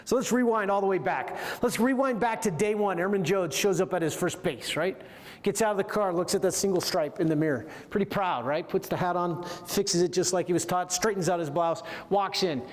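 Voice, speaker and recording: A man's voice: high-pitched, fairly quick, in a large hall. A man giving a motivational military leadership lecture, telling a story and often checking in with listeners by asking "right?". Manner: keeps checking in with the audience with "right?".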